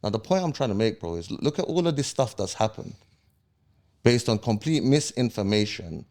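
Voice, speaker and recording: Man, low voice, street slang, heated podcast storytelling, keeps asking "yeah?". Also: expressive, moderate pace, a little mellow. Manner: street slang, checks in with "yeah?" after each point; heated, emphatic retelling. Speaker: podcast guest. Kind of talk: casual storytelling interview.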